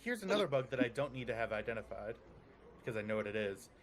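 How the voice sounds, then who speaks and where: Lively-pitched man running a tabletop game. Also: quick pace, slight background noise. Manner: animated rambling storyteller, squeaky high voice for quotes. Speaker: game master. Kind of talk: casual pre-game banter and game narration.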